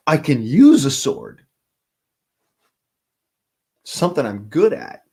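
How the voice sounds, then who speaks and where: A man's voice: fairly high pitch, huge pitch swings, slow pace, warm tone, slightly rough. A man talking casually on a livestream, rambling from thought to thought and swearing often.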